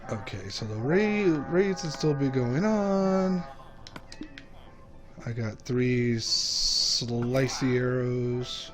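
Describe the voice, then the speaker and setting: A young man giving casual gameplay commentary, talking quickly and nervously to himself as he plays. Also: mid-range voice, animated, over music. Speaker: gaming YouTuber.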